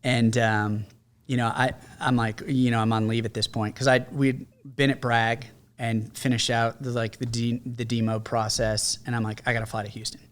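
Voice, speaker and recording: A man's voice: medium pitch, flat delivery, moderate pace. Male podcast guest, middle-aged veteran, frank conversational storyteller. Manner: candid, conversational, mimics others in quoted lines. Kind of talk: casual storytelling.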